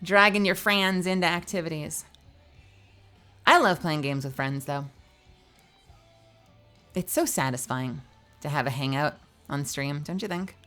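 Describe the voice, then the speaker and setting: A woman's voice: low voice, a little slow, long pauses, pushed and bright, faint music behind. A woman livestreamer chatting casually and playfully with her viewers, greeting people and joking around.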